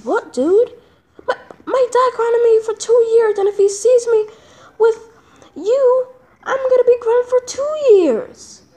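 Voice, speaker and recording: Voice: very high-pitched, very animated, slow, long pauses, full character voice. A performer voicing a whiny, pleading grounded boy who sobs in a homemade puppet movie. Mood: panicked.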